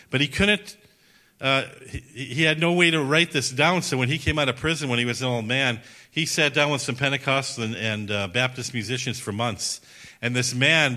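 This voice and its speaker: A male missionary speaker tells stories from the pulpit in a lively, conversational way. His voice sits at a middle pitch with a very bright, sharp edge. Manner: animated, chatty, laughs at his own stories. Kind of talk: sermon storytelling.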